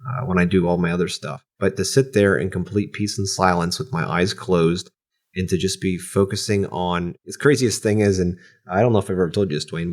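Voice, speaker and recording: A man hosting a podcast, speaking in a calm, reflective way in casual chat. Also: deep voice. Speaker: podcast host.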